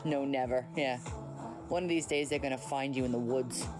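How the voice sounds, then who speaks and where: Music plays behind a woman with a rumbling low voice, steady in tone and at normal speed. Livestreaming casually from home at night on her phone, she's chatty and teasing as she takes viewers' comments.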